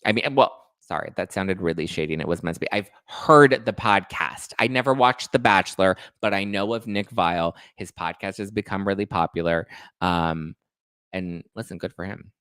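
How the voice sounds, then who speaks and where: A man hosting a casual chat show, talking in a gossipy, animated way. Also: low-pitched, normal speed, clean tone, no room sound, studio quality. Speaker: host.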